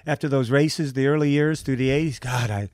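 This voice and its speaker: An older man from Southern California telling stories in a relaxed interview, acting out the voices he quotes and laughing often. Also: medium pitch, brisk, no room sound, studio quality. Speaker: guest, race announcer. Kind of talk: casual interview storytelling.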